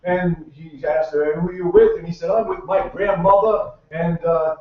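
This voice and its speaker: High-voiced man telling crude jokes, echoey room. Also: fairly even intonation, normal speed. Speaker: comedy workshop performer. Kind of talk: old-couple comedy sketch with song. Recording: echoey room, far mic, dull lo-fi, music behind.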